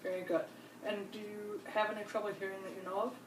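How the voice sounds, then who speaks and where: A woman examiner demonstrating a neurological check, giving calm step-by-step instructions and reassurance. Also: mid-range voice, fast. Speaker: nurse examiner. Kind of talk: clinical demonstration. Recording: roomy, distant mic, faint hiss.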